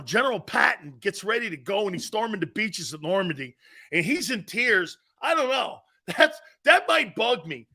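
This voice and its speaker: A man hosting a sports talk show, joking loudly and laughing often as he riffs on football. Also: sits high. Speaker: sports radio host.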